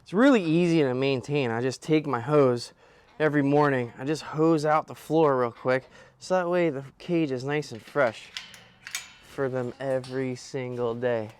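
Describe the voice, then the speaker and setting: A man's voice: mid-range voice, fairly even intonation, moderate pace, a little hiss or hum. A young man vlogging outdoors on rural land in a laid-back, slangy way while he builds, talking into a handheld camera. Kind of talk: casual vlog narration. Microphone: handheld camera mic.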